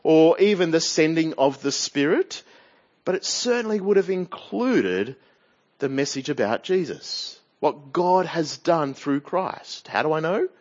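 A man's voice: fairly high pitch, lively intonation, unhurried, lo-fi sound. A man with an Australian accent preaching an expository sermon, often putting questions to the congregation. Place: church.

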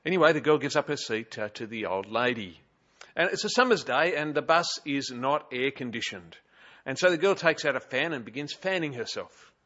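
A man's voice: mid-range voice, expressive, normal speed, sharp tone, muffled recording. A man with an Australian accent preaching a sermon in a conversational, wryly humorous way, with frequent hesitations, in a church. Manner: conversational, chatty, with frequent uh fillers and wry humour. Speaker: pastor.

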